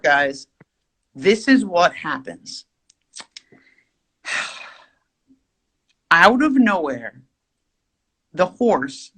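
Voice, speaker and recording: A woman vlogger tells a rambling, animated story as she draws. Her pitch leaps and dips all over, in a mid-height voice. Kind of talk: storytime while drawing.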